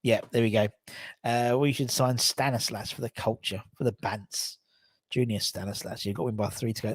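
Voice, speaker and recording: A man hosting a live football fan show, chatting casually, animated and sweary, reading viewer comments aloud. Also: mid-range voice, moderate pace, no echo, clean studio sound. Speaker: fan channel host. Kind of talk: casual live matchday chat.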